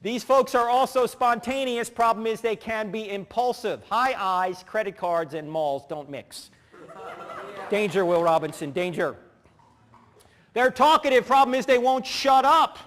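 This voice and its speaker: Middle-aged guy telling funny stories in a talk, high voice that swings all over, echoing hall. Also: normal speed, few pauses. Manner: animated storyteller who acts out voices and laughs. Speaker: speaker. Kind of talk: humorous teaching talk. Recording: long hall reverb.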